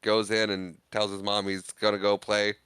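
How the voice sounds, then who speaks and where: A man's voice: on the low side, completely flat delivery, moderate pace, a bit bright, clean tone, dry recording. A man co-hosting a podcast, casually retelling a film's scenes and laughing often. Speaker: podcast co-host. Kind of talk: casual movie recap chat.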